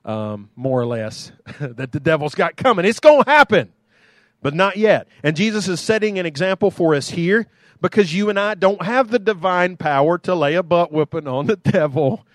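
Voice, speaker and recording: A male pastor delivering a sermon in a relaxed, talkative way, mixing in light jokes. His voice sits fairly high for a man. The sound is close and dry, with little room echo. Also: moderate pace. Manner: conversational, playful asides.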